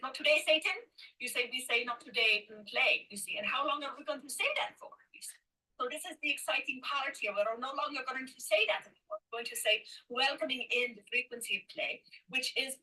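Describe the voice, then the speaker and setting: Give me a woman voicing a soft-spoken Pleiadian spirit guide with a high, bright voice and a humming "mm" tic, heard a little far from the mic. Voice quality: "you see" and humming "mm" tics, slow searching phrasing. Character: channeled female Pleiadian light being, gentle teacher. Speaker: trance channel. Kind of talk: channeled spiritual teaching.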